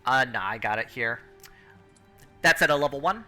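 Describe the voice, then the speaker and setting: A man running a tabletop game as game master, talking with many fillers and pauses, shifting into loud crowd and announcer voices. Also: medium pitch, expressive, soft background music.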